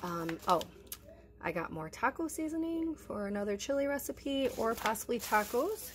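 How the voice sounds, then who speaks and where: A woman's voice: a little high, lively intonation, moderate pace, background noise. A woman, chatting casually to viewers as she unpacks her grocery haul at home, a little out of breath. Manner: chatty, addresses viewers as you guys. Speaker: vlogger showing a grocery haul. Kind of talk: casual talk to camera.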